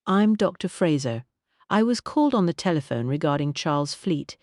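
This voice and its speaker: Woman doing a brisk Scottish doctor. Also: sits low, lively intonation, a little mellow, dry recording, studio quality. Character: Scottish male country doctor, brisk and grave. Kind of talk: audiobook character voice.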